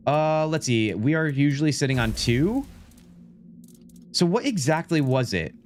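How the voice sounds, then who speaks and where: A young man giving excitable, chatty live commentary while playing a game, often talking to his chat and saying "dude". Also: on the high side, a little slow, slight background noise. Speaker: streamer.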